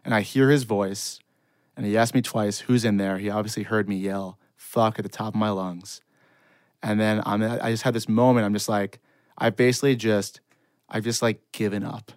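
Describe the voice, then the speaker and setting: A man's voice: lowish voice, steady tone, normal speed, no room sound, studio quality. A man telling a long, self-deprecating funny story in casual chat. He rambles and laughs often.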